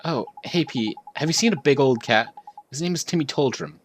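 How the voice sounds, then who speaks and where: A man's voice: fairly high pitch, normal speed, a little hiss or hum, voice pushed up, close to an everyday voice. A man voicing an earnest, polite young boy hero, reading game dialogue aloud with eager questions.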